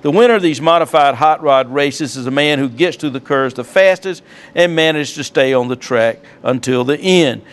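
A man's voice: fairly high pitch, moderate pace. A man giving a classroom lecture with slides, reading from notes and adding casual asides with fillers.

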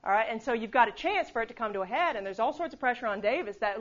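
A woman's voice: fairly high pitch, animated, fast talker, few pauses. A woman giving a conversational history lecture in a classroom, often checking in with the students. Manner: conversational, keeps checking in with "okay?". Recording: slightly dull lo-fi recording.

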